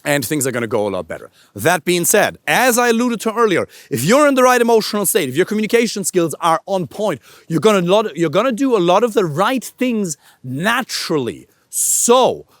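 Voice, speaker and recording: Man, coach, energetic instructional talk, slightly high voice, very lively pitch. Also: brisk, few pauses, no echo, clean studio sound. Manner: energetic, animated coaching delivery. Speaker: dating and voice coach. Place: outdoors in a park.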